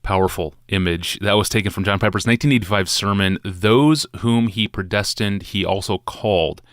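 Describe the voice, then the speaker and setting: A man hosting a podcast, giving a calm, conversational scripted introduction. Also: fairly low pitch, moderate pace, dry recording, studio quality. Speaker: podcast host.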